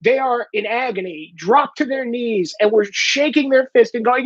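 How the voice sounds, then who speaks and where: A man delivering a sarcastic, profane comedic rant about the news, mocking people with quick impressions. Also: very high voice, dry recording, highs cut off. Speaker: commentator.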